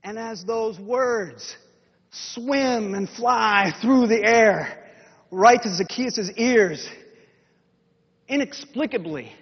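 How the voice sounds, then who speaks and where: A man with a very high, husky voice preaches a story sermon, acting out every scene with a sweep from hushed whispers up to shouts. The recording is dull and lo-fi, carrying the long reverb of a large hall. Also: extremely slow.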